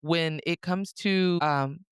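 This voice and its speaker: Woman from africa cohosting a podcast, candid and animated, smooth voice, dry close sound. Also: on the low side, takes it slowly, no echo. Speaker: podcast co-host. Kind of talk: casual podcast chat.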